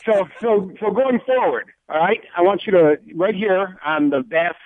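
A man's voice: sits high, normal speed. Male phone-in caller, tinny line, mock-serious joker. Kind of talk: phone-in call.

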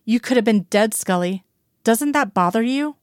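A woman's voice: on the high side, animated, moderate pace, dry recording, close to an everyday voice. A woman gives voice to a male FBI agent at the end of his rope, tense and clipped, snapping out short angry bursts. The sound is dry and close, with no room around it. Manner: tense, clipped, sharp outbursts.

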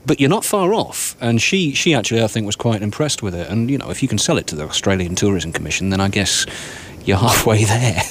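A man's voice: fairly low pitch, lively intonation, fast talker, a bit bright, a little hiss or hum. Reflective male voice artist. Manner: reflective, with frequent restarts and ums. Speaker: radio voice artist. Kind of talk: interview conversation.

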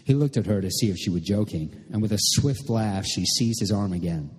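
A man reading a novel aloud in a measured, literary way. His voice is low, husky and mellow. A long hall reverb trails after his words. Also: lively intonation. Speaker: narrator. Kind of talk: audiobook narration.

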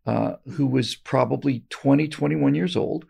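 A man's voice: mid-range voice, moderate pace, gravelly, dark tone, slightly rough. A man hosting a show, giving emphatic political commentary and often repeating words as he restarts. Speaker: show host.

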